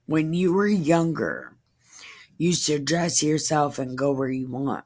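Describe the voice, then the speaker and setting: Woman reading bible bits slow and cracking sarcastic jokes, kinda incredulous. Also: deep voice, big pitch swings, darkish tone. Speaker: comedic Bible reader. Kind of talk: irreverent comedic scripture reading.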